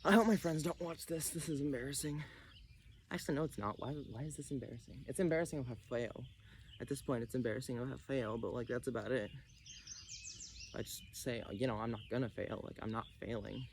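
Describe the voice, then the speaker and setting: A man chats into his phone out in a rural backyard, rambling from one thought to the next with a self-deprecating streak. His middle-pitched voice carries a slight breathlessness from moving the whole time. Birds and faint outdoor sounds sit quietly behind him. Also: fairly quick, creaky, a little hiss or hum. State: slightly out of breath from hula hooping. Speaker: vlogger. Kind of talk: rambling casual monologue. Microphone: phone camera.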